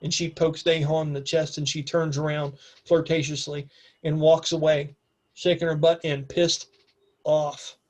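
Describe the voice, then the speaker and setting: A man's voice: a little high, level tone, measured pace. Game master man narrating casually. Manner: casual, with fillers.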